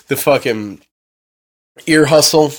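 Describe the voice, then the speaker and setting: A man's voice: mid-range voice, takes it slowly. A man in his thirties, a podcast co-host, telling stories in casual chat, swearing freely and laughing often. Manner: profane, excitable storyteller, laughs often.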